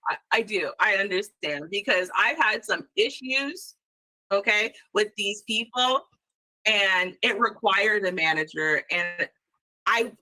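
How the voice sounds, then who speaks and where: A woman co-hosting a casual commentary show, chatting in an animated way full of rhetorical asides. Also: a little high, poor audio. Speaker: show co-host.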